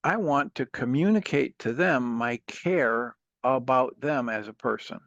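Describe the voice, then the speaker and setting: A man's voice: medium pitch, a little slow, dry recording, dull audio. Patient male talk show host, dry sound. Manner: earnest, patient, steady counseling. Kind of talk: calm advice on a call-in show.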